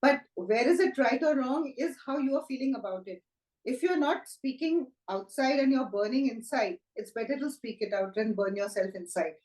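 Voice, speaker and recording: A woman, a Reiki teacher speaking gently and reflectively in a conversational talk, often asking rhetorical questions. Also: sits high, normal speed, echoey room, poor audio. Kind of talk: conversational talk on self-help.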